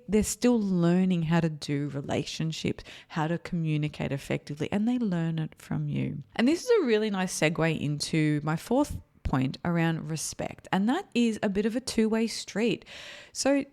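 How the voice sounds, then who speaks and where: A woman's voice: lowish voice, creaky, darkish tone. A woman therapist hosting an advice podcast, speaking earnestly and repeating her key points for emphasis.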